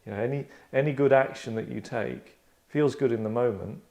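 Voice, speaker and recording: A man's voice: medium pitch, brisk, warm tone. A middle-aged man hosting a casual discussion, rambling and breaking off his sentences to act out lines. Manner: rambling, self-interrupting, acts out quotes. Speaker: writer and podcast host.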